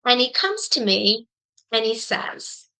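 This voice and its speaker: A middle-aged woman telling a personal story to an audience, fast-talking and animated. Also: a little high, low-quality recording. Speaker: psychic medium giving a talk.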